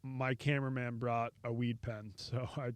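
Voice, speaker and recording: A man appearing as a podcast guest, chatting casually and chiming in with quick, easygoing agreement. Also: mid-range voice, little pitch movement, clean tone, no room sound. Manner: laid-back, quick agreeing interjections. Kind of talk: casual chat.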